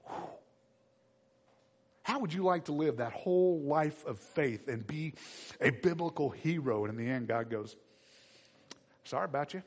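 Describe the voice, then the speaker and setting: A man preaching a sermon in a bright, animated way. His voice sits a little high and swings widely as he acts out the voices in the story. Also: moderate pace. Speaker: pastor.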